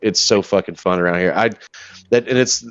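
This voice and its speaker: A man's voice: low voice, brisk, no echo. Swearing guy hosting a chat from his bar, tells stories big, sound is dull and dry. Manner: profane, animated storyteller. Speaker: podcast host. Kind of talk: casual storytelling chat.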